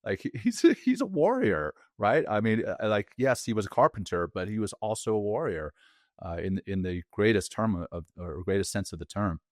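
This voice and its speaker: A man's voice: on the low side, sing-song, normal speed, no room sound, studio quality. A man co-hosting a podcast in a loose, laughing way, full of fillers. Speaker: co-host. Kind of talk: casual podcast conversation.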